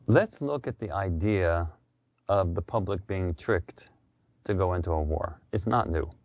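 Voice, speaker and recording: A man's voice: low-pitched, a little slow, a little mellow, no room sound, highs cut off. A man talking as a radio interview guest, telling history in a loose, conversational storytelling way. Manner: conversational, storytelling with quoted voices.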